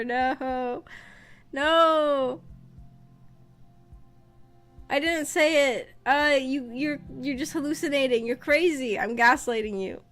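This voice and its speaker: A woman VTuber chatting casually on stream, rambling and often laughing, her voice slightly rough after being sick. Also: high voice, a bit bright. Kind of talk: casual live-stream chat.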